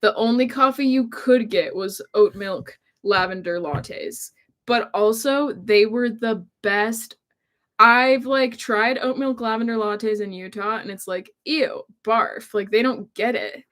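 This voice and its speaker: A woman's voice: fairly high pitch, a little slow, a bit bright. Giggly woman co-hosting a livestream. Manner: playful, giggly, jokey. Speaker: co-host of an improv livestream. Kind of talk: casual chat reading viewer comments.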